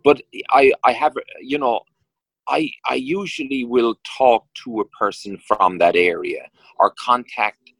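A man's voice: mid-range voice, vocal fry, dry recording, poor audio. A middle-aged man with an Irish accent from County Kerry, an actor chatting in an interview, rambling and restarting his sentences often. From Ireland. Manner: rambling, halting with many restarts and fillers. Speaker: actor guest. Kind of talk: casual interview chat.

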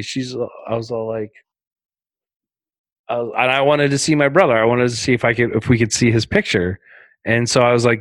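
A man's voice: medium pitch, steady tone, normal speed, pauses often, a bit bright, no echo. A man chatting as a podcast guest, telling rambling, darkly humorous stories full of fillers and restarts. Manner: rambling storytelling with frequent fillers. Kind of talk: casual podcast conversation.

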